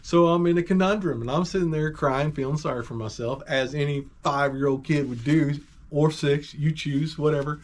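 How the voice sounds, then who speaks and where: A middle-aged man casually telling a personal story, animated and conversational, acting out moments as he goes. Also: fairly high pitch, normal speed, hardly any pauses, slight background noise.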